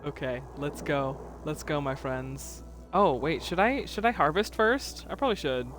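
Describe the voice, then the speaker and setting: A woman's voice: low voice, animated, moderate pace, over music. A woman streamer giving chatty, playful commentary while playing a farming game, humming and singing little tunes to herself, at a desk mic. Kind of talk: let's play commentary.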